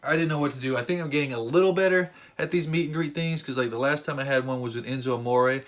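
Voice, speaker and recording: A man vlogging a casual, rambling story, excitable, with lots of fillers and restarts. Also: medium pitch, fast. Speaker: vlogger and wrestling fan.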